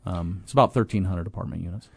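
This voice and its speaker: A middle-aged man with a low, gravelly voice tells his story in a loose, conversational way, full of restarts and quoted dialogue. The sound is close and dry, with no room around it. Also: quick pace, darkish tone, dry recording. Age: 20s in 1997, now middle-aged. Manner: rambling, with many restarts and acted-out quotes. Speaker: guest, apartment property owner. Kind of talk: casual interview storytelling.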